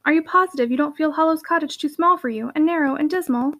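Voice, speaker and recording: A woman voicing an earnest, devoted young woman in a storybook reading, speaking in a soft, eager, questioning way. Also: high-pitched, fast talker.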